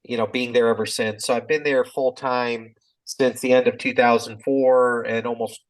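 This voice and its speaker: Reflecting on his life in a relaxed interview, this physician and business executive in his fifties rambles at a moderate pace, full of fillers and restarts. His pitch is medium, and the audio quality is poor.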